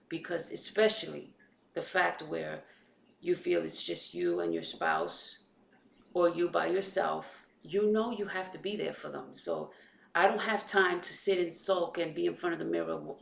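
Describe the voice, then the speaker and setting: New mom vlogging from home, super gravelly fry in her voice, echoey room, chatty and full of faith. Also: low voice, measured pace, a little hiss or hum. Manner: talkative, retells conversations, faith-filled. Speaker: mother vlogging about her sons. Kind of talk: casual chat to camera.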